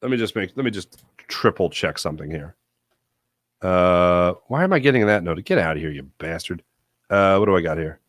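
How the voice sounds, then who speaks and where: Rambling, jokey sports talk host. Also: male voice, low-pitched, lively intonation, moderate pace, no echo, clean studio sound. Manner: rambling, jokey, self-correcting, reacts aloud to comments. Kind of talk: casual live-stream chat reading viewer comments.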